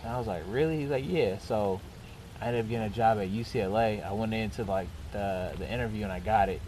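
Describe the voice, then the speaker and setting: A young man casually telling a long personal story, animated and often laughing as he goes. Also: lowish voice, fast talker, a little hiss or hum. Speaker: storyteller guest.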